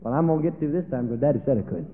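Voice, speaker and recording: A man voicing an excited young boy who talks in a bouncy, quick way. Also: medium pitch, natural voice. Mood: eager. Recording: tinny, phone-like echoey hall.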